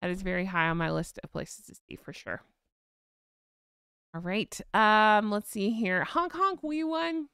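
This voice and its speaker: A woman's voice: lowish voice, unhurried, long pauses, a bit bright, clean tone, no echo, clean studio sound. A woman hosting a casual livestream chat, bubbly and reading comments aloud. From United States. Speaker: livestream host.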